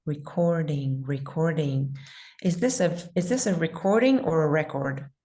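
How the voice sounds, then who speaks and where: A woman teaching pronunciation in an online class, patiently modeling words slowly and repeating them. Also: low-pitched, dark tone.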